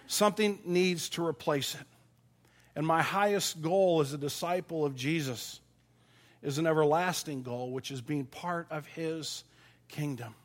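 Man, middle-aged, pastor, sermon, high-pitched, folksy storytelling, self-deprecating. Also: a bit bright.

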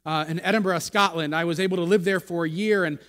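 A high-pitched, bright American male pastor tells a rambling, self-deprecating story from the pulpit. He stops often to toss asides to the congregation. The voice rings out through a long church-hall reverb. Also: fairly even intonation, fast talker. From United States. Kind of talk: sermon storytelling. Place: church sanctuary.

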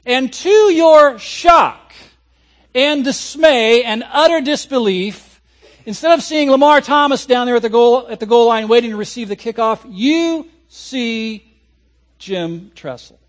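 A man preaching a sermon as a pastor, telling a lively story and acting out people's reactions. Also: very high voice, a little slow. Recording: audio recording of a sermon.

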